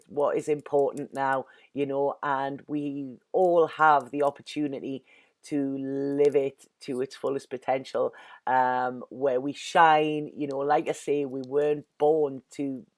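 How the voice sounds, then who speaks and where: English woman, tarot reader, earnest, emotional, casual talk, repeats "you know". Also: low-pitched. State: emotional, near tears. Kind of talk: casual spoken reading.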